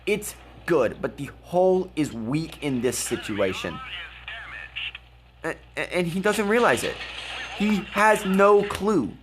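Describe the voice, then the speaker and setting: Animated, mocking male game commentator. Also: fairly high pitch, unhurried, background noise. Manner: mocking, blunt, laughs at opponent. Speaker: gaming video creator. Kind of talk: casual gameplay commentary.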